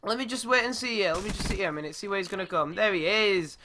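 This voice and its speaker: Young male gamer, high bright voice, swears and yelps, squeaky when excited. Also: fast talker, a little hiss or hum. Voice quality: goes squeaky when yelling. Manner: excitable, shouts and swears at the game. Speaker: gaming YouTuber. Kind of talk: live gameplay commentary.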